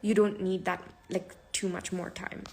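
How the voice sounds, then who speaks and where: A woman's voice: fairly low pitch, level tone, a little slow, darkish tone. Chatty woman hosting a live stream. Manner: chatty, lots of fillers and "like". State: sleep deprived. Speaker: podcast host. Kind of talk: casual live-stream talk.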